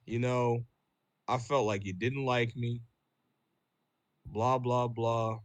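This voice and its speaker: A man's voice: mid-range voice, level tone, takes it slowly, dry recording, lightly acted. A man voicing a belligerent male bar customer who nags and insults the staff, as an acted quote in a podcast story. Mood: complaining. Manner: indignant, nagging, insulting. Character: belligerent middle-aged male bar customer, whiny and bitter.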